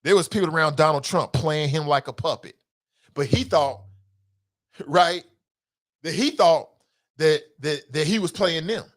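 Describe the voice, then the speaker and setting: A man's voice: on the high side, unhurried, long pauses. Fired-up man hosting a talk show. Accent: Cincinnati. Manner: passionate, profane, swings between loud outbursts and muttered asides; reads listener comments aloud. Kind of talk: solo political talk radio commentary.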